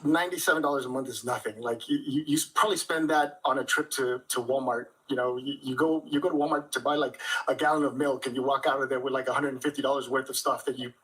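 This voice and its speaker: Husky, laughing man on a distant mic. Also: mid-range voice, fairly even intonation, fast, hardly any pauses, a bit bright. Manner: laughing, repeats words. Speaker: guest creator. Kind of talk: livestream interview.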